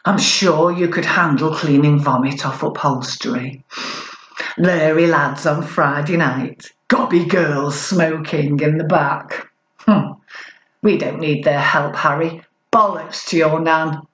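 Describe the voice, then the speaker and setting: A woman's voice: deep voice, slow pace, roomy sound, highs cut off, pitched below the performer's own voice. A woman voicing a glib young royal wife, talking in a chirpy, mock-upbeat, teasing way. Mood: mock-cheerful.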